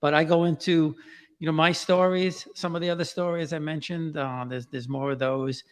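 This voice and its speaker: A man's voice: a little high, steady tone, normal speed, clear, resonant tone, big-room sound. A man with a New York accent, a guest chatting casually in an interview. He talks in a loose, repeating way and laughs often. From Queens, New York. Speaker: guest, genealogy author and podcaster.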